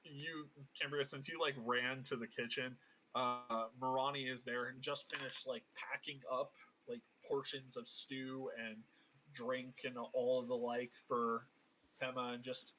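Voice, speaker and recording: A man narrating as game master of a tabletop game, casual and animated, with lots of filler words. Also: medium pitch, unhurried, slight background noise, rough recording.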